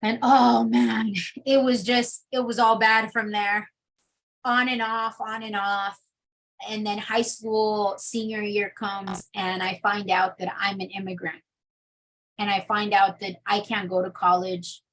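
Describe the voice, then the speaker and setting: A woman's voice: mid-range voice, flat delivery, measured pace, rough recording. A young adult woman telling her personal testimony in an interview, candid and full of fillers. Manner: candid storytelling with many fillers. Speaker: interview guest.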